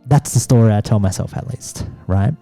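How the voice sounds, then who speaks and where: A man's voice: fairly low pitch, fairly quick, mellow, dry recording, faint music behind. A man in his thirties co-hosting a casual talk, speaking candidly and reflectively in a rambling, self-searching way. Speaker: podcast co-host. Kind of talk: casual conversation with his partner.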